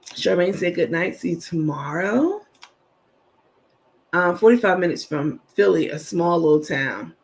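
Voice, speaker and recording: A man's voice: sits high, lively intonation, unhurried, gravelly. A man hosting a casual livestream, chatting loosely and reading viewer comments aloud with plenty of fillers. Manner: chatty, rambling, many fillers. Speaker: livestream host.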